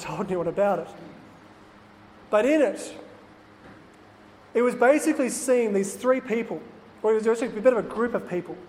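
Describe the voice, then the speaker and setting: A priest speaks in an earnest, confiding tone, sharing a personal story with lay listeners. His voice sits high for a man. The room rings with a long reverb over a faint background hiss. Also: a little mellow. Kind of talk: personal talk to lay people.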